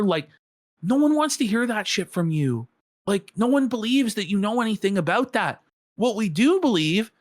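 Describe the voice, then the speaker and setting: A man's voice: high-pitched, fairly bright tone, dry recording, clean studio sound. A man co-hosting a podcast, reacting to a clip with a profane, mocking rant. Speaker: podcast co-host.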